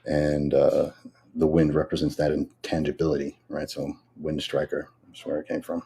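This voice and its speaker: A man's voice: very deep voice, completely flat delivery, moderate pace, vocal fry, dark tone. A man, a voice actor, chatting as a podcast guest in a friendly, laid-back way. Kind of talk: casual chat.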